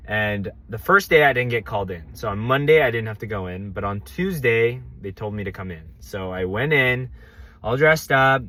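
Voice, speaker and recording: A young man vlogging to camera, telling a casual story with quick asides and acted-out quotes. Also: fairly low pitch, lively intonation, sharp tone.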